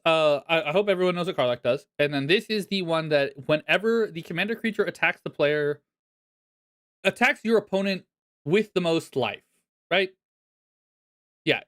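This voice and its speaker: Chatty man with a higher voice. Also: fairly bright tone. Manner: chatty, laughs often, self-deprecating. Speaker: streamer reviewing viewer decks. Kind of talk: casual live-stream chat.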